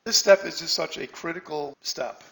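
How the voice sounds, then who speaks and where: A man's voice: fairly high pitch, moderate pace, vocal fry, fairly bright tone, poor audio. A middle-aged man teaching a trading seminar in a blunt, scolding way, firing rhetorical questions at his students. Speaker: trading instructor. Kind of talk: seminar lecture.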